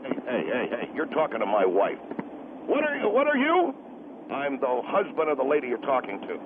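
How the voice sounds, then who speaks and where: A hot-headed husband growls out blustering threats in a voice much lower than the shrill guest's, as a man puts him on. It comes over a tinny radio phone line with hiss. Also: huge pitch swings, moderate pace. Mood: menacing.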